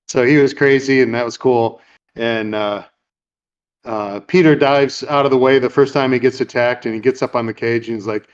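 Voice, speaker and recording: A man's voice: medium pitch, steady tone, moderate pace, smooth. Rambling man on a dull lo-fi recording. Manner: rambling, with many fillers and acted-out quotes. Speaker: podcast host. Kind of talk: casual chat retelling a film scene.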